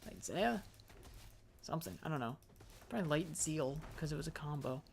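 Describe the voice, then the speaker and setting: A man's voice: fairly high pitch, lively intonation, normal speed, gravelly, a little hiss or hum. A young man casually commenting on his own gameplay, rambling and joking to himself as he plays. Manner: rambling, joking self-talk. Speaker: gaming video host. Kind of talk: casual let's-play commentary.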